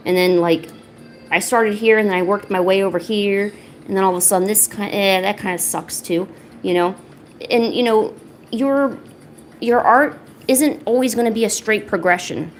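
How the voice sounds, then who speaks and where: A woman's voice: medium pitch, moderate pace, faint music behind. A young woman streaming as she paints, chatting casually and rambling to her viewers. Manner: rambling, chatty, talks to chat and a pet. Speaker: art streamer. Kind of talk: casual livestream chat while painting.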